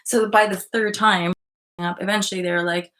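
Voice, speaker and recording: A young woman hosts a tarot livestream in a relaxed, candid way. She greets viewers and reads out their comments. She swears freely and breaks into loud outbursts when she retells what happened to her. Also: mid-range voice, moderate pace. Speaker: livestream host reading tarot. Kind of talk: casual livestream chat.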